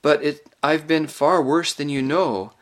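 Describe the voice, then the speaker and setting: A man's voice: on the high side, fairly even intonation, a little slow, pitched above the performer's own voice, lightly acted. A man doing a small-voiced, anxious girl. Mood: remorseful. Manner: small, hesitant voice. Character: young girl, anxious and remorseful.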